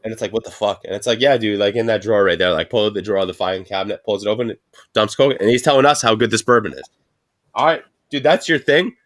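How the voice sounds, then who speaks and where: A man co-hosting a casual podcast has a lowish, fairly bright voice and a quick pace. He tells stories laced with swearing, acting out the words of his coworkers.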